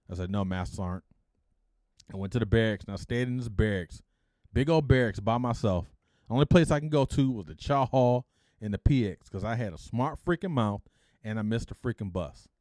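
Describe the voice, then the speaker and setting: A middle-aged man from Detroit, hosting a podcast and telling his own life story in a casual, animated way, acting out the dialogue and peppering his speech with "freaking". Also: fairly low pitch, brisk, dry recording, studio quality. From Detroit, United States.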